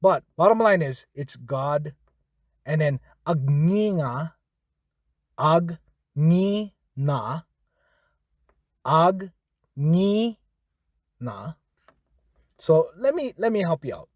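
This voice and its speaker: Slow, lively man teaching phrases. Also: a little high, no room sound, clean studio sound. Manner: patient, repeats phrases slowly and spells words out. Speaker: language teacher. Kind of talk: casual spoken language lesson.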